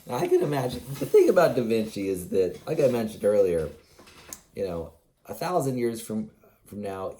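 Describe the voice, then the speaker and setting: Musing, sleepy, low-voiced man. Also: dark tone. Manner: musing, meandering, chuckles often, many fillers and restarts. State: yawning, sleepy. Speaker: vlogger. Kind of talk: rambling solo monologue.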